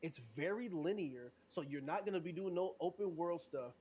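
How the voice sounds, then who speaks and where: A man talking as a podcast guest in casual chat, animated and slangy, laughing often. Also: a little high, normal speed, slight background noise.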